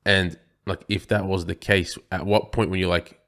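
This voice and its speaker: Very deep-voiced hesitant man. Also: level tone, normal speed, fairly bright tone. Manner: hesitant, many kindas. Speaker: podcast co-host. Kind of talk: casual podcast interview question.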